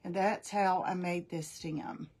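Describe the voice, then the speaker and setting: A woman's voice: on the low side, fairly even intonation, slow pace, a little mellow, slightly rough. Chatty middle-aged woman demoing crafts. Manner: chatty, folksy, thinks aloud while working; greets viewers by name. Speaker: craft demonstrator. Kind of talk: casual live crafting demo.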